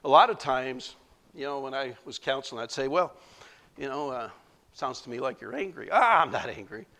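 A man's voice: medium pitch, normal speed, a bit bright. A male pastor giving a sermon, conversational and emotional, often laughing and saying "you know". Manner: conversational preaching with frequent laughs and fillers.

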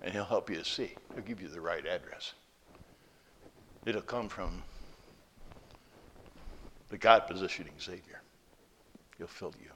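A man preaching a sermon and telling a story, moving between hushed, quiet lines and loud, emphatic ones. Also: low-pitched, measured pace, pauses often, a little hiss or hum. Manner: animated, swings from hushed to loud. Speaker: pastor.

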